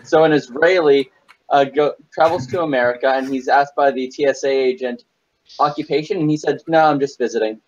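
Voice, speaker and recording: Guy on a late-night group call, fumbles his setups, slightly muffled sound. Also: medium pitch. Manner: halting, restarts, loose joke delivery. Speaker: podcast regular telling jokes. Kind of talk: casual group chat, telling jokes.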